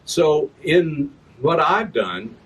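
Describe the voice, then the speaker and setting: At a reading event, a man reads his own work and chats casually with the live audience about verse, explaining with rhythm sounds and correcting himself along the way. His voice sits on the high side, sing-song and husky, and he speaks extremely slowly. A distant mic picks up the room ambience.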